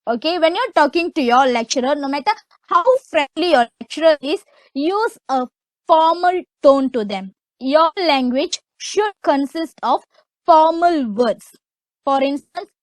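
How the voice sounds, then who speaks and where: A young woman with a Malaysian English accent, giving a loud, emphatic motivational webinar talk. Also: sits high, expressive, a little slow, dry recording, poor audio. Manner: loud, emphatic, repeats "okay". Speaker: webinar speaker.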